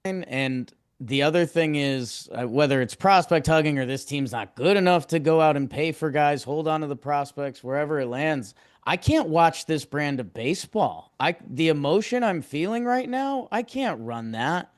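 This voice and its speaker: A frustrated man rambles through a casual sports podcast, often restarting his sentences. His voice is smooth and clear, and it sits a little high for a man. The recording is dry and close. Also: animated, normal speed, hardly any pauses, no room sound. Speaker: podcast co-host.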